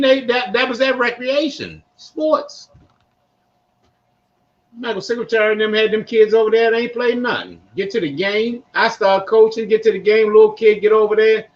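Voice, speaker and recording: Older Baltimore man, high voice. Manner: rambling, animated storytelling with slang. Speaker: podcast host. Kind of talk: casual sports talk. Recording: dull lo-fi recording.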